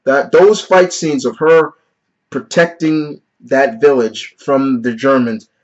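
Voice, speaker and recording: A man's voice: medium pitch, takes it slowly. Earnest man reviewing movies, lo-fi sound. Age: 30s. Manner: earnest and openly emotional, peppered with "you know" and "like". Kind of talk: casual vlog movie review.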